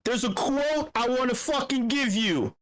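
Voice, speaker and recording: A man hosting a casual live voice-channel show, brash and profane, teasing his listeners and swinging into loud drawn-out shouting. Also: very high voice. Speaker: host of a community voice-chat show. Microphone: computer mic in voice channel.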